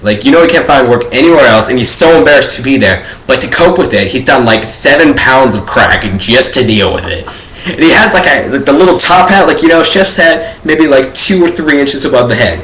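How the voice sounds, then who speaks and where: A man's voice: medium pitch, expressive, a little fast, a bit bright. A teenage boy doing a rambling comedic monologue, filling nearly every phrase with "like.". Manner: rambling, filler-heavy, says "like" constantly. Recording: echoey room.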